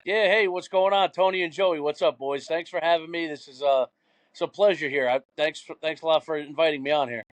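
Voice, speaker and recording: A man's voice: fairly high pitch, steady tone, brisk, no echo. A young man, a podcast guest telling rambling, profane stories in casual chat.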